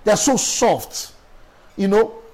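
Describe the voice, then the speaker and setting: High, animated male preacher. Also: takes it slowly, rough recording. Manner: emphatic preaching with rhetorical questions. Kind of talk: sermon.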